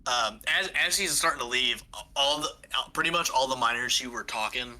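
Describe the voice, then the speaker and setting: A man's voice: mid-range voice, fairly quick, bright, forceful tone. A man running a tabletop game as game master, describing scenes in a loose, rambling way full of "like" and restarts.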